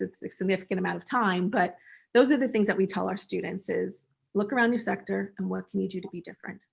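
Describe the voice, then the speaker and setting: An animated woman from the United States, speaking as a guest in a relaxed interview over a video call. Her voice is mid-pitched with a gravelly, fry-tinged texture. She keeps things lively and slips into playful voices. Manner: animated, acts out little voices of friends. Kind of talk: casual conversational interview.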